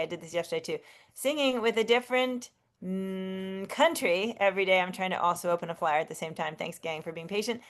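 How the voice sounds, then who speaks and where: A woman hosting a live online sing-along over a video call, effusive and chatty, often restarting her sentences. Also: medium pitch. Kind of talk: casual live-stream hosting.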